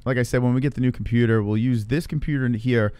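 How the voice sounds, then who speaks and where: A man's voice: mid-range voice, fairly even intonation, quick pace, mellow, smooth, no echo. Profane jumpy male game streamer. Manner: swears a lot, jumpy, self-mocking. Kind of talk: live gameplay commentary. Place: home room with gaming computer.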